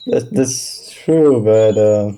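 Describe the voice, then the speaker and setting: A man plays a mischievous cat-man boyfriend in a live storybook reading, low and unhurried with a mellow, dark tone. He drawls his teasing lines slowly and lets them hang. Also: smooth. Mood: playful.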